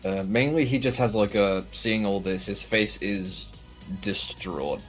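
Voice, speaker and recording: Deep-voiced man in a halting delivery. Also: soft background music, rough recording. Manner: halting, searching for words. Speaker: player. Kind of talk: describing his character in a tabletop game.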